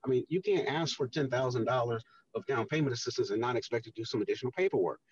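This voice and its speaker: A man speaking as a guest on a radio show, explaining earnestly with many pauses and fillers. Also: medium pitch, far from the mic, highs cut off, a little hiss or hum. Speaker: guest, housing redevelopment official. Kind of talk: radio interview talk.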